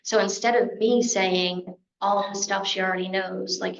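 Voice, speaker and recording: A woman's voice: medium pitch, flat delivery, normal speed, creaky, fairly bright tone. A woman, a toddler teacher on a parent panel, telling a classroom anecdote conversationally. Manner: narrates classroom anecdotes, quoting a child. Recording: slightly muffled sound.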